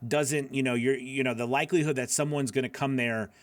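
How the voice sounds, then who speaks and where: A man's voice: medium pitch, fairly even intonation, a little fast, dry recording. A man hosting a live voiceover class, answering viewer questions in a loose, chatty way, with lots of fillers and laughing at himself.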